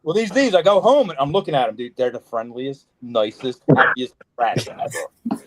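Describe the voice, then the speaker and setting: A man's voice: medium pitch, normal speed, no room sound, poor audio. A man hosting a casual podcast, telling loose, profane stories and acting out little voices. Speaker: podcast host, reptile breeder.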